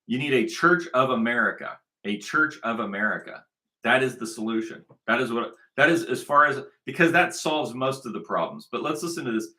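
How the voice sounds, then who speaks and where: Emphatic ranting man, lively pitch. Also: a little fast. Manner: repetitive, emphatic, combative. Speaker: online commentator. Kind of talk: ranting commentary monologue.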